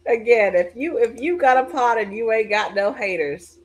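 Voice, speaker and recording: A woman co-hosting a podcast watch party, loud, excitable and profane, yelling at the screen. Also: fairly high pitch, moderate pace. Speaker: podcast co-host. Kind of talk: casual watch-party chat.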